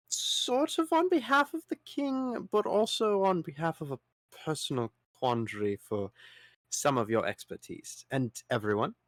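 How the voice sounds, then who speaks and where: A man's voice: medium pitch, a bit bright, no echo. A man playing in a tabletop game, speaking his character's lines formally with hesitations. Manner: formal in-character speech with fillers. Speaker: player.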